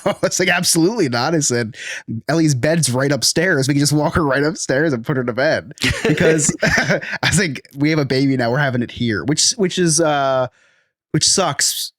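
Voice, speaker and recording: Chatty Philly dad, dry close mic. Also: male voice, mid-range voice, a bit bright, no echo. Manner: rambling storyteller, laughs often. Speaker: podcast co-host. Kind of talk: casual chat.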